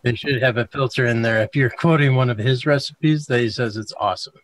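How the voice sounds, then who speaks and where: A man's voice: mid-range voice, brisk, a little hiss or hum. A man hosting a casual group chat about vaping, laid-back and joking, with some swearing. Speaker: vaping show host.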